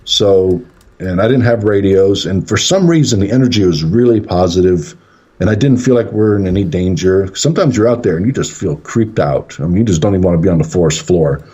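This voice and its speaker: A man guesting on a radio show, telling a long story in a rambling, casual way and acting out what people said. His voice sits low and is husky and mellow. The line sounds dull and lo-fi. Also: expressive, fairly quick. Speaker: guest paranormal investigator.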